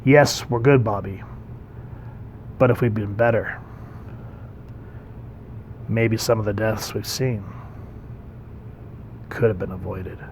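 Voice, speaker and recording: A man voicing a serious male team leader, speaking in a grave, measured way. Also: lowish voice, fairly even intonation, darkish tone, a little hiss or hum.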